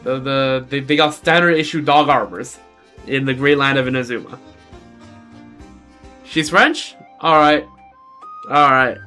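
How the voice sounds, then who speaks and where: A man's voice: mid-range voice, unhurried, long pauses, bright, forceful tone, smooth, faint music behind. A man giving casual let's-play commentary, rambling and self-deprecating, often restarting his sentences. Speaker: game streamer.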